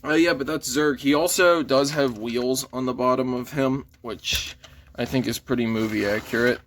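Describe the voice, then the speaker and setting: A man's voice: medium pitch, fairly even intonation, moderate pace, a bit bright, slight background noise. A man casually reviewing a toy figure in an easygoing, mild way, shrugging off small flaws. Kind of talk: casual chat.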